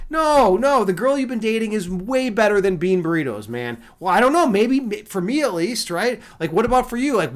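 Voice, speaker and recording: Casual streamer host, male, high-pitched, from Chicago, rambling with lots of fillers. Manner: rambling, repeats words, frequent fillers. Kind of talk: casual live-stream chat.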